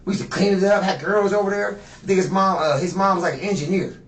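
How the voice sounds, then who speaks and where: A man's voice: high-pitched, steady tone, fast talker. Rambling profane man in echoey room. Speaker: suspect being questioned. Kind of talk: rambling interrogation talk. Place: interrogation room. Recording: echoey room, distant mic, faint noise.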